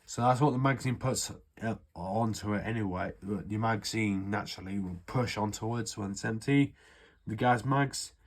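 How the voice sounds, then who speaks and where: Low-voiced, sweary man. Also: moderate pace. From United Kingdom. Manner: rambling, sweary, offhand. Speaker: airsoft hobbyist showing a repair. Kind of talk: casual how-to chat.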